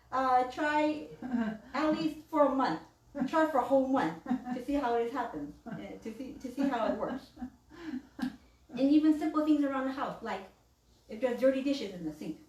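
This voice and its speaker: Chatty woman preacher, lively voice. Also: high-pitched, moderate pace, long pauses, echoey room, recorded from a distance, poor audio. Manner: chatty, laughs often, acts out quoted voices. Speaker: minister. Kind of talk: casual sermon.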